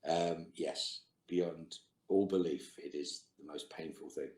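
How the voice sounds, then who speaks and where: Over a video call, a middle-aged actor reads fan questions and answers them with terse, dry humor in a slow, steady, very deep voice that's a little mellow. There's a roomy echo in the recording.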